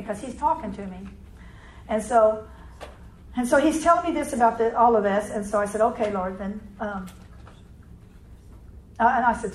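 A woman preaching a charismatic sermon in fast, run-on talk, clearing her throat and restarting often. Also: mid-range voice, roomy sound, a little hiss or hum, low-quality recording.

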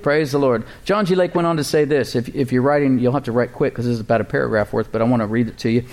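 A man's voice: medium pitch, steady tone, quick pace, a little mellow. A man preaching a sermon to a congregation in a conversational style, asking for amens and chuckling between points. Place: church congregation.

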